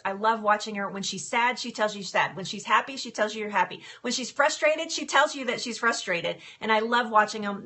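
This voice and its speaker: Woman, live-stream host, bright crisp tone, giggly, chatty, phone mic, kitchen. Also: mid-range voice. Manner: bubbly, giggly, talks to viewers by name. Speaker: livestream host, health coach. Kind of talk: casual live-stream chat. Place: home kitchen. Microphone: phone camera.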